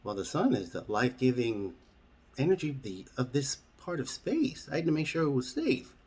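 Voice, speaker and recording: A man's voice: mid-range voice, very animated, moderate pace, a little mellow, husky. A man voicing a flustered, evasive older male official who keeps making excuses.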